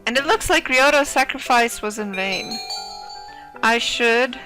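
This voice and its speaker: A woman's voice: on the high side, lively intonation, a little slow, sharp tone, faint music behind, low-quality recording. A young woman playing a visual novel, reading the text aloud with playful, wry asides. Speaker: let's play streamer.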